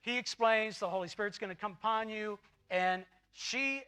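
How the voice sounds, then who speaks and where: A man preaching a sermon as a church pastor, telling a Bible story with animated, acted-out paraphrases of the characters. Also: high voice, moderate pace, few pauses, clean tone. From United States. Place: church sanctuary.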